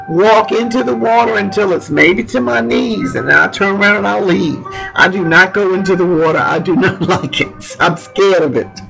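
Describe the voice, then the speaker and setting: A woman's voice: mid-range voice, creaky, fairly bright tone. A woman from tells a rambling personal story, laughing often and searching for words. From Louisiana. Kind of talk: personal anecdote told aloud. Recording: lo-fi recording with music behind.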